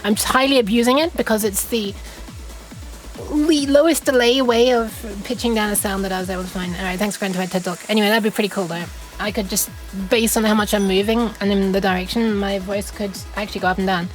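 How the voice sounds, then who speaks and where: A woman's voice: medium pitch, fairly even intonation, fast talker, soft background music. A young woman streaming a game, chatting casually in a rambling, giggly way with lots of restarts. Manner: rambling, giggly, self-interrupting. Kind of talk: casual live-stream chat while gaming.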